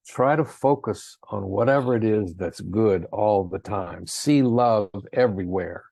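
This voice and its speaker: Gravelly husky man giving an earnest spiritual talk. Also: fairly low pitch, unhurried, hardly any pauses, a little mellow, no echo. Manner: earnest, rambling, acts out quotes in raised voices. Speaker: speaker in a spiritual talk series.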